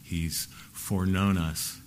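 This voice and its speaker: A male pastor preaching a Sunday sermon, earnest, lifting his voice for emphasis and letting phrase ends fall soft. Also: sits low, fairly even intonation, takes it slowly, slight background noise.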